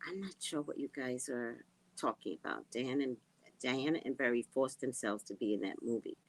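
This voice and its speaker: A woman host chatting casually with viewers, giggly and drifting between soft murmurs and loud outbursts. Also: a bass voice, a little fast, poor audio. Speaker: livestream host.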